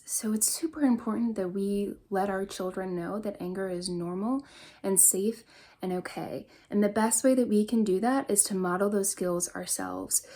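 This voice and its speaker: A woman's voice: medium pitch, dark tone. A young adult woman, a mother, teaching a parenting workshop on handling anger in an earnest, encouraging way, walking listeners through exercises as she does them. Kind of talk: instructional workshop talk.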